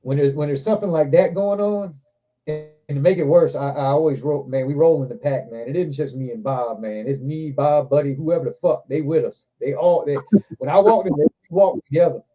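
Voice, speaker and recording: Dark-voiced profane storytelling man. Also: fairly high pitch, brisk, soft background music. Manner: profane, animated storyteller, acts out quotes. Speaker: show host. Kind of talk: casual storytelling chat. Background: other men on a livestream hangout.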